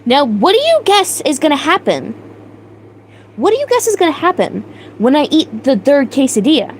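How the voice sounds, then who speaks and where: A young woman hosting a livestream, telling a story in a casual, animated way with mock outrage and laughter, answering her chat. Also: sits high, normal speed, a little hiss or hum, low-quality recording. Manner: animated, exaggerated outrage, laughing, reads chat names aloud. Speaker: livestream host.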